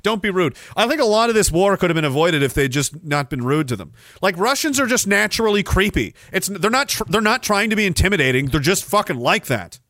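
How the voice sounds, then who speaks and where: A man's voice: high voice, big pitch swings, a little fast, hardly any pauses, fairly bright tone, no echo, clean studio sound. A young adult man hosting a podcast, ranting sarcastically with profanity and rambling asides. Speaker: podcast host. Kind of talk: casual ranting commentary.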